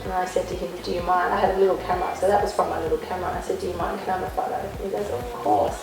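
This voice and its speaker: Animated Australian woman guest with a gravelly tone, recorded far off in a roomy space. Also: lowish voice, very fast. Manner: lively, laughing anecdotes. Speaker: guest, sports broadcaster. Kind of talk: animated storytelling. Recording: echoey room, voice from far off.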